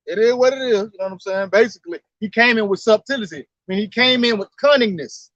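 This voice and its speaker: Very high-pitched man explaining scripture casually. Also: fast talker, hardly any pauses, fairly bright tone, no echo. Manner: paraphrases verses in slang, keeps asking "you know what I'm saying". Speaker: Bible study commentator. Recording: dull lo-fi sound.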